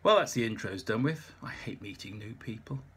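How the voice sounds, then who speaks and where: A man's voice: on the low side, animated, normal speed, fairly bright tone, husky, exaggerated voice. A man doing a drunk, sweary sculptor. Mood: gruff. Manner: blunt, slurring, sweary. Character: drunk, surly, swearing male sculptor, weathered.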